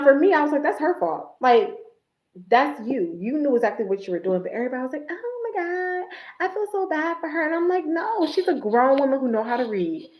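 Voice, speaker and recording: Brief: outspoken woman host, livestream chat, slightly high voice, echoey room. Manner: blunt, animated storyteller.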